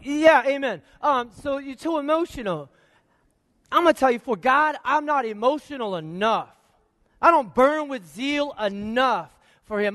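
Male pastor, sermon, very high voice, rhetorical questions, long hall reverb. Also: studio quality. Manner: preaching with rhetorical questions, varying pace and loudness. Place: church sanctuary.

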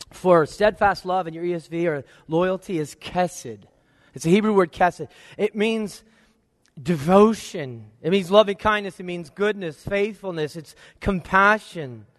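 Male pastor, sermon, very high voice, rhetorical questions, long hall reverb. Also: clean studio sound. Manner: preaching with rhetorical questions, varying pace and loudness. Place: church sanctuary.

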